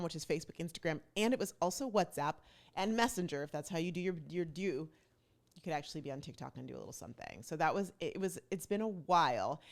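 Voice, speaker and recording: Chatty woman vlogger, slightly low voice. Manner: chatty, rambling, self-correcting with playful asides. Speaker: vlog host. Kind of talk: casual chatty vlog talk.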